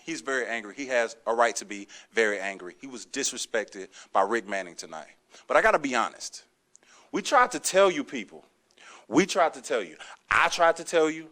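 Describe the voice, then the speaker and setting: A man's voice: medium pitch, lively intonation, normal speed, bright, forceful tone. A man defending his wrestlers, smug and gloating.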